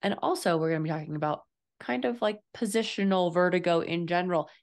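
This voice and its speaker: A woman's voice: on the low side, quick pace. A woman co-hosting a casual health podcast, chatty and playful about tricky words. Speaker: podcast co-host. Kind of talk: casual chat.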